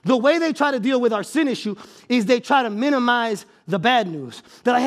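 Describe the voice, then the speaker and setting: A man preaching an impassioned sermon as a pastor, often shouting for emphasis and repeating words as he restarts phrases. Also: very high-pitched, lively intonation, brisk, few pauses.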